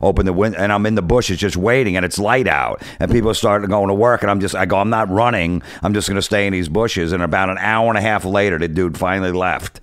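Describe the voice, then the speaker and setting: A man's voice: deep voice, fast talker, few pauses, dry recording, clean studio sound. A man from New Jersey, a comedian guest telling blunt, profane stories in casual chat. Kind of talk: casual storytelling.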